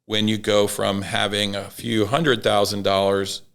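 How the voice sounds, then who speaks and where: A man's voice: on the low side, flat delivery, a little slow, vocal fry, fairly bright tone. A man in casual conversation, telling an emotional story with many restarts. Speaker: podcast guest.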